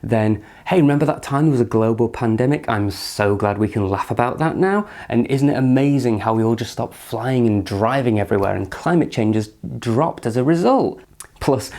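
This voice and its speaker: A man's voice: medium pitch, a little mellow. A man hosting a casual film review from his living room, with dry, sarcastic humour.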